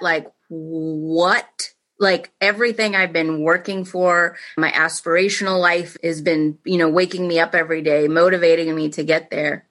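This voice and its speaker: Woman podcast host, low pitched and bright, eager and encouraging in casual conversation. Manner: warmly encouraging, eager reactions. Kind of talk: casual interview chat.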